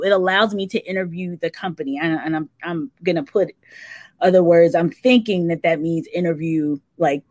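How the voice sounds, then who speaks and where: A woman's voice: fairly low pitch, a little mellow, no room sound. A woman co-hosting a casual livestream, reading out viewer comments and laughing often. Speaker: co-host reading live chat.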